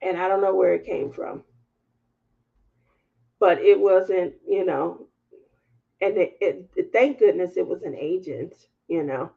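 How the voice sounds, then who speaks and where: A woman hosting a craft livestream, telling a story to her viewers in candid, animated casual chat and laughing as she goes. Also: on the low side, measured pace, creaky, pauses often, breathy edge, phone-quality sound.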